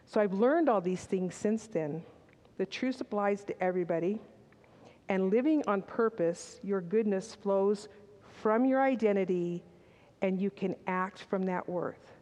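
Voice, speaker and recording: A woman's voice: medium pitch, a little slow, a little mellow. Older woman preaching in a reverberant hall. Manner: candid, personal, with asides and restarts. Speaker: speaker at a church service. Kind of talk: conversational sermon. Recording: long reverb in a large hall.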